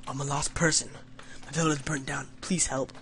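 A man's voice: fairly high pitch, flat delivery, moderate pace, gravelly, a bit bright, slight background noise. A young man doing let's play commentary, reading story lines in a mock-dramatic tone and joking wryly at himself. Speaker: gamer playing an adventure map.

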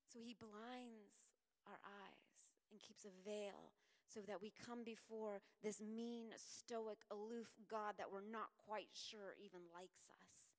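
A woman preaching a sermon, swinging from soft whispers to loud, pleading passages. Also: medium pitch, a little slow, in a large hall. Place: church sanctuary.

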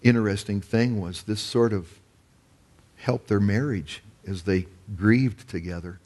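Pastor, male, low voice, storytelling sermon with emphatic swells. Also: measured pace. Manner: storytelling sermon, rising to loud emphatic peaks.

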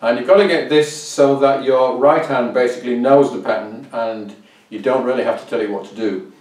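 A man's voice: mid-range voice, steady tone, normal speed, darkish tone, soft background music. Man teaching fiddle in a roomy space. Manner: counts beats aloud and hums rhythms. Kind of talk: instructional explanation. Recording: roomy, distant mic, fiddle playing.

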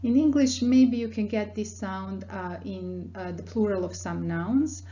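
A woman teaching a language lesson, patiently explaining mouth positions and demonstrating sounds slowly. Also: medium pitch, warm tone, highs cut off.

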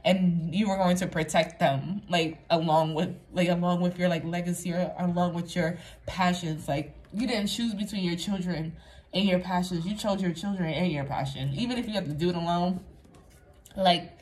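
Chatty woman giving a tarot reading. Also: on the low side. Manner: rambling, chatty, fills speech with "like"; earnest, affirming, addresses viewer directly. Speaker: tarot reader. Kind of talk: casual pick-a-card tarot reading to viewers.

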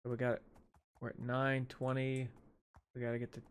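A gaming channel host with a mid-range, clean-toned voice talks a little fast in a completely flat delivery. He casually comments on a video game in let's play style, chatting to himself and the on-screen animals while his jaw is sore from dental work.

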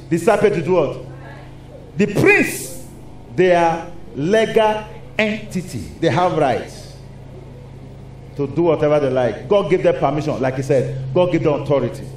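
A man with a Nigerian accent preaching a lively sermon in a church, asking the congregation rhetorical questions. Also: fairly high pitch. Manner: animated, call-and-response preaching with rhetorical questions. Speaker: pastor. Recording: echoey hall with faint noise.

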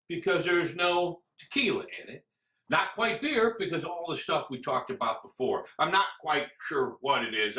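Ranting man in a roomy echo. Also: on the high side. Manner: ranting, escalating to shouts. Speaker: comedian reviewing drinks. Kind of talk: scripted comedic monologue.

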